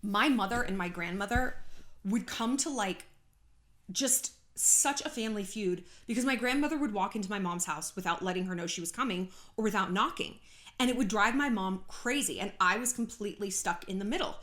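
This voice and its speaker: A woman's voice: mid-range voice, brisk, a bit bright. A woman from California hosting a casual gossip commentary vlog, chatty and sarcastic, laughing often and swearing freely. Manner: frequent swearing. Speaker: YouTube host.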